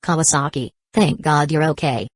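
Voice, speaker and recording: A woman's voice: deep voice, moderate pace, slightly rough, no room sound, clean studio sound. A woman reading the lines of an awkward, remorseful teenage boy who apologizes and stammers. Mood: apologetic.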